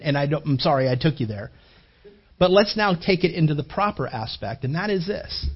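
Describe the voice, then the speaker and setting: A middle-aged man preaching a sermon in a conversational way, often repeating and restarting words and moving between hushed and raised passages. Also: on the high side, husky, lo-fi sound. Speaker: pastor.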